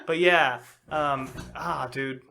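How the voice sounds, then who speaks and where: A man's voice: on the high side, steady tone, slow pace, creaky, pushed and bright. A man co-hosting a casual podcast, telling a long, rambling story packed with swearing and filler words. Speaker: podcast co-host. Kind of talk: casual chat.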